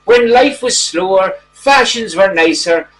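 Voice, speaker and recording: A man playing a genteel titled gentleman reading a mock bedtime story to children in a gentle, drawn-out way. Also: high voice, expressive. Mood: storytelling. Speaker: storybook reader. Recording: distant mic, faint background noise.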